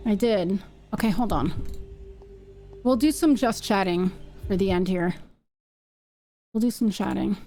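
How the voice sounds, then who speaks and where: A woman streamer giving excitable live game commentary, swearing and laughing often. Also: mid-range voice, a little slow, pauses often, soft background music.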